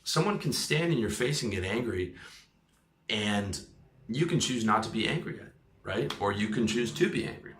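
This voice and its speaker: A man's voice: fairly low pitch, lively intonation, normal speed, fairly bright tone, echoey room. A man coaching in a motivational talk, emphatic, often checking in with "okay?" and "right?", and swearing casually. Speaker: lifestyle coach.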